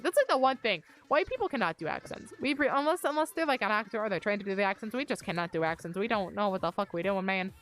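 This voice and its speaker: A young woman chatting casually and rambling on a gaming livestream from her upstairs bedroom, speaking into a desk mic on a mic arm. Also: mid-range voice. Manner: rambling, self-deprecating, chatty. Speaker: streamer.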